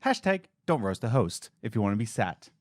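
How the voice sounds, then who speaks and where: A man co-hosting a casual gaming podcast, joking and telling stories with lively voice changes. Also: on the low side, no echo, studio quality. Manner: animated, jokey, quick voice changes. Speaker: podcast co-host. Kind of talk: casual chat.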